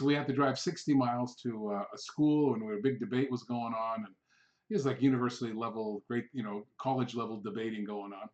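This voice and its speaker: Middle-aged guy doing a sales training talk, animated storyteller, dull lo-fi audio. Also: medium pitch. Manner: storytelling, animated, acts out his own past outbursts. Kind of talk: training video monologue.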